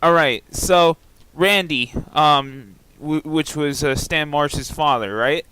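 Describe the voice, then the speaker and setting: Smooth-voiced, chatty radio co-host man. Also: fairly high pitch, takes it slowly, sharp tone, dry recording, poor audio. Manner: hesitant, full of restarts, chatty. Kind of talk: casual talk-radio chat.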